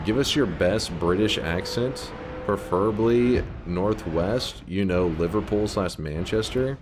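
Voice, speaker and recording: A man's voice: fairly low pitch, a little slow, background noise. A man giving casual gameplay commentary as a streamer, rambling, thinking aloud and answering chat.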